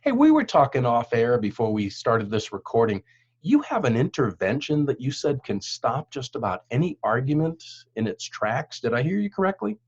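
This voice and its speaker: A man hosting an interview, warmly enthusiastic and stumbling over his first words. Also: medium pitch, sing-song, normal speed, husky, dull audio. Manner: enthusiastic, repeats words as he starts. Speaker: interview host.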